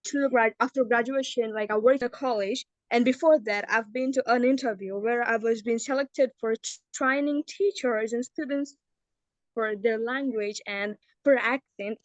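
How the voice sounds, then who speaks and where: High-voiced, hesitant woman from Andhra Pradesh. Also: moderate pace, no room sound, poor audio. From Andhra Pradesh, India. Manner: hesitant, many fillers. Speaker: student.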